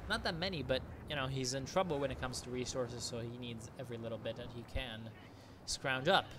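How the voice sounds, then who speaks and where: A man giving live commentary on a strategy game match, excitable and swearing freely, often breaking into laughter. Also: medium pitch, brisk, background noise. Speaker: game caster.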